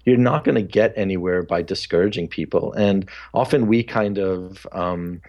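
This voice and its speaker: Low-voiced man musing candidly. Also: moderate pace, a little mellow, muffled recording. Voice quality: sounds harsh at times. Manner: candid, reflective, many fillers and restarts. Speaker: podcast host. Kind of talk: casual conversation.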